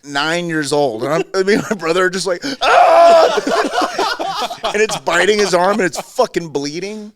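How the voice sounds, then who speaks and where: A man in his thirties co-hosting a podcast, telling a story in a profane, excitable way and laughing often. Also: sits high, fairly quick, hardly any pauses, very noisy. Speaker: podcast co-host. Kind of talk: animated storytelling, casual chat.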